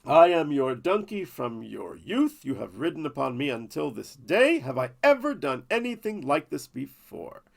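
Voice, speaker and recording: A man's voice: a little high, very animated, moderate pace, gravelly, hardly any pauses, exaggerated voice. A man voicing a loyal, aggrieved talking male donkey who pleads with his rider in indignant questions. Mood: pleading.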